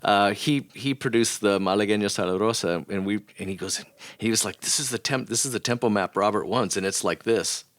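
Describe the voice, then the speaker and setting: A man, a guest musician, telling stories in a casual interview in a recording studio, laughing and quoting people in a raised pitch. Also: fairly quick, hardly any pauses, fairly bright tone, no echo.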